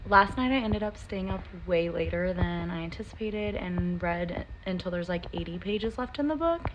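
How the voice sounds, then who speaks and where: A woman giving casual book vlog updates, excitable and giggly, sometimes dropping into a whisper. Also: lowish voice, normal speed, background noise. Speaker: book vlogger. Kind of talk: casual vlog reading diary.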